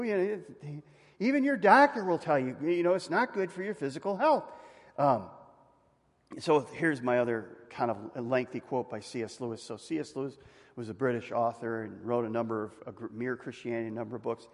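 A male pastor preaching a conversational sermon, asking the congregation questions and rising to loud emphatic peaks. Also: mid-range voice, expressive, a little fast. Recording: long reverb of a hall.

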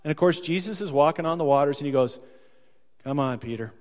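A man's voice: a little high, fast talker, darkish tone. A male preacher giving a casual, conversational sermon, joking and acting out scenes as he tells them. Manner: conversational, jokey, acts out scenes. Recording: long hall reverb.

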